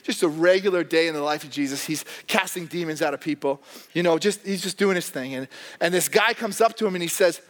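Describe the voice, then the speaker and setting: Animated joking preacher man in a reverberant hall. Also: fairly high pitch, brisk. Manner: animated, joking, acts out voices. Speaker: pastor. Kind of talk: sermon.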